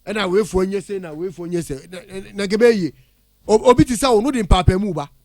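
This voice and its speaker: A man's voice: sits high, quick pace, darkish tone, no room sound. A man with a Ghanaian accent giving heated, blunt radio commentary in a studio, mixing English with Twi. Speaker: radio entertainment pundit. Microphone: studio mic.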